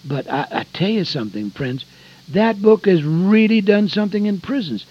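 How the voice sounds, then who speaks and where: An older man delivers a folksy radio sermon in a husky, slightly raised voice that leaps up and drops low with emphasis. He moves between loud, pressing phrases and quiet, hushed ones. The recording is dull and lo-fi, like old radio. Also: expressive, moderate pace. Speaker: radio preacher.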